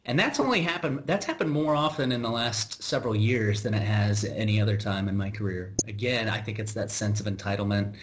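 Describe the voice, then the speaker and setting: An American podcast host tells a work story in a rambling, exasperated manner, full of restarts and asides, in casual conversational style. His voice is on the low side and fairly quick with few pauses, and a little hiss or hum sits in the recording.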